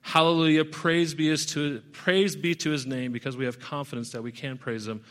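A man delivers a sermon in a relaxed, conversational way, retelling scripture with animated asides and restarts. His voice sits a little high and rings bright and forceful. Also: moderate pace. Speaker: pastor.

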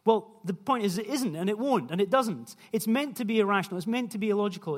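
A young man preaching a sermon in a conversational way, putting questions to the listeners. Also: high voice. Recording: long hall reverb.

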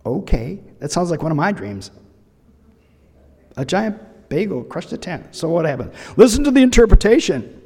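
A man's voice: high voice, big pitch swings, moderate pace, pauses often, dark tone, breathy edge, in a large hall. A man preaching a sermon, retelling a scripture story with humorous asides. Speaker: pastor.

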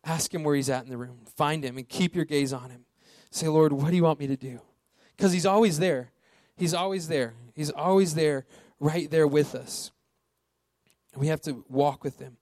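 A man's voice: on the high side, moderate pace, a little mellow, no echo. A man preaching a sermon in a conversational way, often asking rhetorical questions and checking in with "right?". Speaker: pastor.

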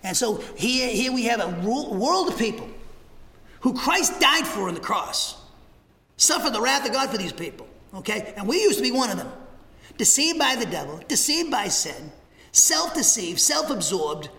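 A high-pitched, fiery male preacher delivers an animated sermon, his voice leaping up and down as he moves from shouted passages to near-whispered asides. His tone is bright and sharp, and the long reverb of a church sanctuary trails every phrase. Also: moderate pace. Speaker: pastor.

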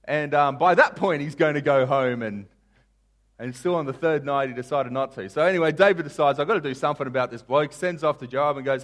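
A male pastor preaching a sermon, retelling a Bible story in casual modern terms and acting out the characters with big swings in loudness. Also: fairly high pitch, a little fast.

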